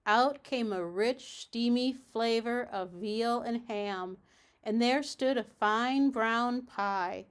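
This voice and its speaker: A woman from a library reading a children's storybook aloud in a steady, measured way. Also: a little high, clean tone.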